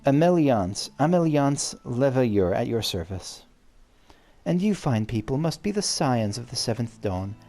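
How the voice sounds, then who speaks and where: Man voicing a refined noblewoman mother, sassy, game dialogue read aloud, gravelly, faint music behind. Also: medium pitch, very animated, a little slow, warm tone. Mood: gracious. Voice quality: gruff, put-on refined tone.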